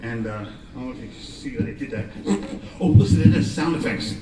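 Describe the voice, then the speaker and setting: A man's voice: medium pitch, brisk, background noise. A man doing a stand-up comedy set on a live stage, telling rambling, self-deprecating stories with asides. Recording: echoey live room, far from mic, crowd. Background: audience laughter.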